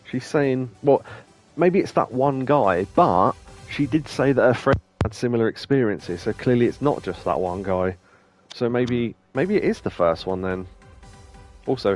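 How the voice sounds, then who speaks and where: A man's voice: medium pitch, darkish tone. A man hosting a let's play, chatting casually and jokily, reading game text aloud and laughing often. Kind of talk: casual gameplay commentary.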